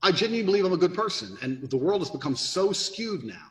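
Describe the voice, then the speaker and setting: A man's voice: high voice, very animated, fast. Brash, profane man in a roomy echo. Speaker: podcast guest. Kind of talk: blunt podcast talk.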